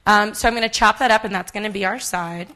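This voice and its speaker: A woman's voice: mid-range voice, quick pace, pushed and bright. A woman in her thirties giving a live cooking demonstration on a conference stage, chatty and self-deprecating with many ums. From United States.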